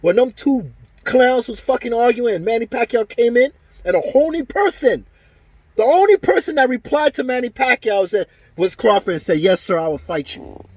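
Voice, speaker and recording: A man's voice: very high voice, big pitch swings, moderate pace, slightly rough, dry recording. A man ranting angrily to camera about boxing, heated and profane, repeating himself as he vents. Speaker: boxing commentary vlogger. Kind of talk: angry opinion rant to camera.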